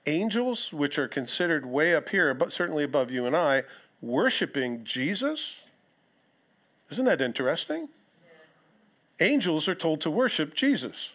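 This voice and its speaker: A man preaching a sermon in church, reading scripture aloud with lively emphasis and casual asides. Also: fairly high pitch, measured pace. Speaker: pastor.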